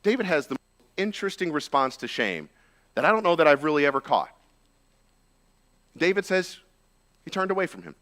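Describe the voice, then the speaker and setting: A man's voice: fairly high pitch, big pitch swings, moderate pace, long pauses, fairly bright tone. A man, a pastor, preaching a casual sermon that tells a Bible story informally with frequent "like" and "right?" asides.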